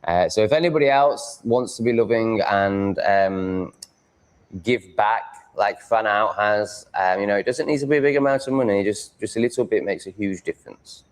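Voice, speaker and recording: A man in his thirties hosting a casual livestream, rambling with halting restarts and reacting to chat. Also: on the low side. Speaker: livestream host reading chat.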